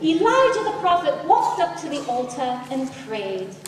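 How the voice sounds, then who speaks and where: A woman's voice: high-pitched, big pitch swings, moderate pace. A woman narrating a comic church reenactment in a dry storybook manner, with wry asides. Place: large church hall with audience. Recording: echoey hall, far from mic, loud crowd.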